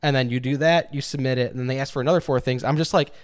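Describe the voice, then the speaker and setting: A man's voice: mid-range voice, fairly even intonation, rapid-fire, hardly any pauses, dry recording, clean studio sound. A young man co-hosting a casual chat, profane and mocking, often slipping into sarcastic mimicry of others. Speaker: podcast co-host.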